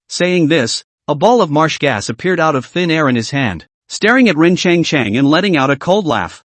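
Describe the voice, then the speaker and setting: A man's voice: a little high, very animated, normal speed, no room sound. A man narrating a comic story recap in a scripted reading.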